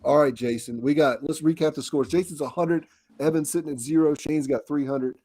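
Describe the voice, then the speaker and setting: A man hosting a casual fantasy football quiz, animated and quick to laugh. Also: a little high. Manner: lively, animated, laughs often. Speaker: podcast host and quizmaster.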